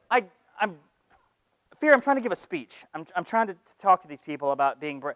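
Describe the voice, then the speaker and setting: A man's voice: high voice, very animated, brisk, fairly bright tone, dry recording. Stammering flustered man on stage. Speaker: speaker at an event. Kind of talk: comic stage monologue.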